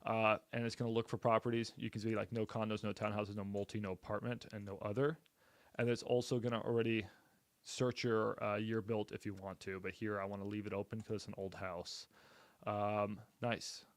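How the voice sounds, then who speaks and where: A man's voice: on the low side, little pitch movement, a little fast, no echo. Blunt, upbeat man in a dry room. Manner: blunt, upbeat, salesy, swears casually. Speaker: real estate investor and streamer. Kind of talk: casual live-stream commentary while cold-calling.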